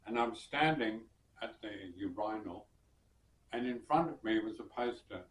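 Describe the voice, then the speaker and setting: A man from southern England, a musician and bandleader, tells a personal anecdote in an unhurried, reflective way with soft chuckles and hesitations. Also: mid-range voice, slight background noise. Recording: roomy sound from some distance.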